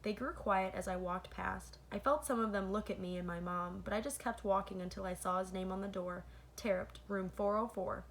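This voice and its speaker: A woman's voice: medium pitch, normal speed, hardly any pauses. Woman, children's novel read-aloud, mid-range voice, fixes her own slips, chatty asides to listeners, faint background hiss. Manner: stops to comment to listeners between passages.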